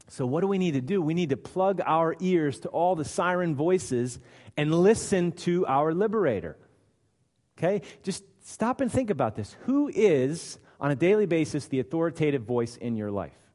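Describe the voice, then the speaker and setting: A man preaching a sermon, acting out quoted voices and swinging between loud and hushed delivery. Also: on the high side, big pitch swings, normal speed. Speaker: pastor. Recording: long hall reverb.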